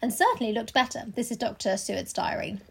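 A woman with a high, husky voice reads a novel aloud for a podcast, stopping often to joke with her co-host. Her pitch swings widely as she talks. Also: expressive, quick pace, a bit bright. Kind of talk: reading a novel aloud with chatty asides.

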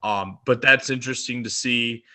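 Bright-voiced man chatting on a podcast. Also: mid-range voice, steady tone, normal speed. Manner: enthusiastic, rambling with fillers. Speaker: podcast co-host. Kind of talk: casual sports podcast chat.

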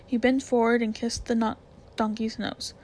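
A woman reading a children's storybook aloud, calm, steady and soft-spoken. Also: on the high side, normal speed, background noise. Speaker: reader. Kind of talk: storybook narration read aloud.

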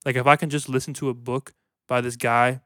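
A man's voice: medium pitch, flat delivery, a little fast, fairly bright tone, no room sound, clean studio sound. A man co-hosting a casual podcast, joking crudely in a laid-back way with lots of fillers. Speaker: podcast co-host.

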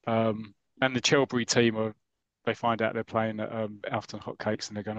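A British man hosts a podcast, enthusiastically rambling as he retells an old comic story in casual chat and acts out the characters' lines. His voice is on the low side, fairly bright, and level in tone, at a moderate pace with no echo.

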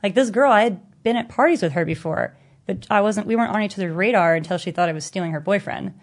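A young woman in her twenties, chatting casually as she tells an animated story and lifts her pitch when she quotes herself. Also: fast talker. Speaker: guest storyteller. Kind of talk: casual chat.

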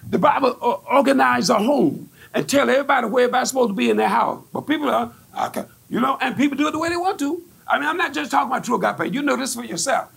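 A man pastor delivering a fiery sermon in a strikingly high voice with a gravelly edge. His pitch swings widely as he repeats his points with emphasis and climbs into shouts. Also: expressive, fast, few pauses. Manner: emphatic, repetitive, rising to shouts. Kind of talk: fiery preaching sermon with congregation call-and-response.

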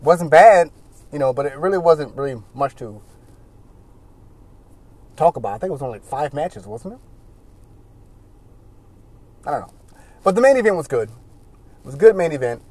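A man giving casual solo commentary as a wrestling reviewer, rambling and animated, with many "you know"s. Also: a little high, moderate pace, pauses often, slightly rough.

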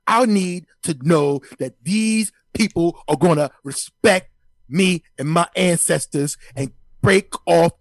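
A man doing an impression of a loud, preachy male sports pundit on a podcast. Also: on the high side, slow, no echo, studio quality, pitched above the performer's own voice. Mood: ranting. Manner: emphatic, declaiming, indignant.

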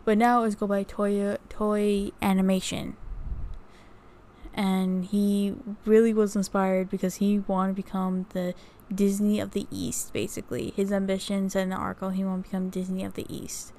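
Her voice is medium-pitched and dark-toned, with a flat delivery. Talking casually to the camera, this vlogger reads unhurriedly from her research notes, rambling through many fillers and false starts.

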